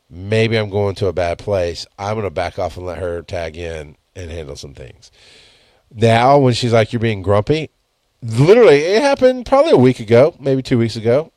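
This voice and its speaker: A man's voice: lowish voice, lively intonation, normal speed, a little mellow, no echo, clean studio sound. A man in his thirties hosting a casual solo podcast, talking bluntly with lots of swearing and rambling self-corrections. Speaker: podcast host. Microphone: headphones and studio mic.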